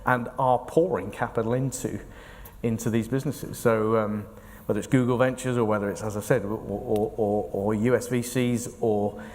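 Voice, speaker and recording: A man's voice: on the low side, fairly even intonation, normal speed, a little mellow. Man answering in an echoey hall. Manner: earnest, explanatory, thinks aloud. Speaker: investment fund manager. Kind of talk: onstage interview answers. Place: large conference hall.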